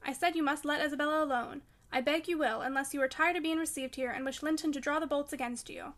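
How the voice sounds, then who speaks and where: A woman's voice: high voice, fairly even intonation, fast, a bit bright. A woman reading the part of a proud, fiery young lady of the house in an audiobook, scolding and commanding. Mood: imperious. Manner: imperious and scolding.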